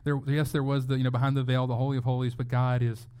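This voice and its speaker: A man's voice: mid-range voice, quick pace, clear, resonant tone. A middle-aged man preaching a sermon in a casual, conversational way, acting out quotes from the people in his story. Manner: conversational, animated, acts out quotes. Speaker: pastor.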